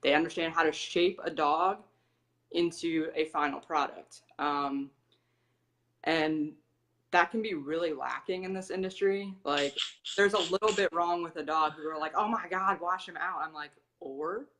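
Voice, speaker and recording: A woman's voice: low voice, moderate pace, fairly bright tone. A young woman with an American accent, a dog trainer talking as an interview guest in a matter-of-fact, explanatory way. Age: young adult. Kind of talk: casual interview talk.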